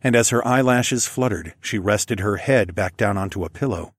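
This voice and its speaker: A man reading a first-person story in a low, slightly husky voice, calm and measured. The recording is close and dry, with no room sound. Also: no room sound. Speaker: narrator.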